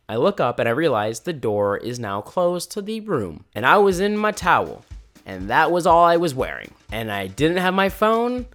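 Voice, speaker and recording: Guy telling funny embarrassing stories, super expressive pitch, laughs at himself. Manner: lively, self-deprecating comic storytelling. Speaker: storyteller. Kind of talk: animated storytime narration.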